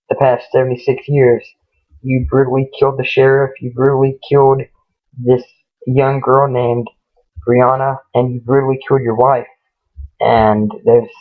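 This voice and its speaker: A man quoting a flat, stern deputy. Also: mid-range voice, lightly acted. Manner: flat, matter-of-fact officialese. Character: stern adult male deputy. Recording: tinny phone-like lo-fi audio.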